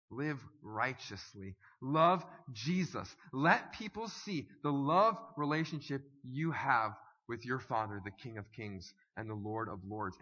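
A man preaching a sermon as pastor, swinging from hushed, slow lines to loud, stirring calls. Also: mid-range voice, slightly rough. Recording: dull audio with long hall reverb.

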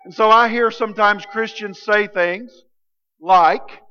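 A man preaching a sermon as pastor, animated, swinging from loud emphatic lines to quiet low ones. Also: slow pace, clean tone. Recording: dull lo-fi sound with long hall reverb.

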